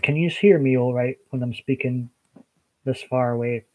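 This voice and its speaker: A man's voice: mid-range voice, normal speed, low-quality recording. A man with a Scottish accent, hosting a casual live stream and chatting with viewers while reading out their comments. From Scotland.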